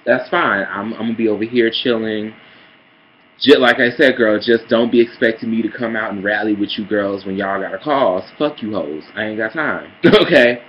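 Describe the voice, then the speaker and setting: A man ranting sassily in a casual vlog, calling listeners girl and honey, heated and swinging between mutters and loud outbursts. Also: on the low side, moderate pace, slightly rough, lo-fi sound. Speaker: vlogger. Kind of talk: casual opinion rant.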